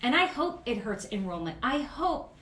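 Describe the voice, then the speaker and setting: A woman's voice: fairly high pitch, sing-song, normal speed, a bit bright, far from the mic. A woman co-hosting a podcast in casual chat, giggly and chatty, often trailing off mid-thought. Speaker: podcast co-host. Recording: roomy echo.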